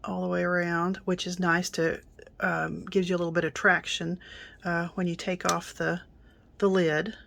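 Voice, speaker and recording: A middle-aged woman reviewing and unboxing a craft kit in a casual, chatty way, with many ums and soft asides. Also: on the low side, little pitch movement, moderate pace, creaky, a little hiss or hum.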